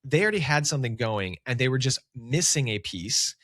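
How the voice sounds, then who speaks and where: A man talking casually as a business coach on a solo podcast, with lively emphasis. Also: medium pitch, brisk, no room sound, clean studio sound. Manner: casual, conversational, animated emphasis.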